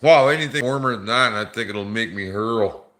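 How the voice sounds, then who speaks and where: A man's voice: mid-range voice, normal speed, pushed and bright, slight background noise. A middle-aged man, a bit drunk, rambling and joking off-color with viewers on a casual livestream. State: tipsy from drinking. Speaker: livestream host.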